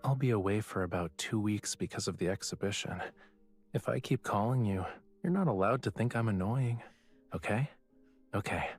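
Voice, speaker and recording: Brief: low, husky-voiced young artist love interest for a romance game, gentle and devoted. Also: male voice, animated, normal speed, faint music behind. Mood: coaxing. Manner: earnest, reassuring, softly coaxing.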